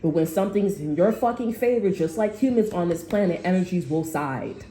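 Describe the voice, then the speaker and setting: A woman's voice: on the low side, lively intonation, a little fast, warm tone, a little hiss or hum. A woman tarot reader in a casual, rambling spiritual monologue, blunt and full of swearing. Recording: echoey room.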